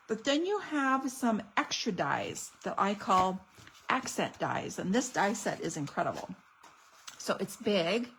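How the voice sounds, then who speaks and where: A woman's voice: mid-range voice, husky, rough recording. A woman showing off craft products in a casual unboxing video, gushing and chatty. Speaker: stamping demonstrator.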